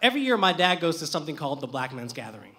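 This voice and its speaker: A young man with a noticeably high voice tells a true personal story live onstage. He speaks with lively, animated delivery and sharp comic timing. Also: very fast. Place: theater stage with audience.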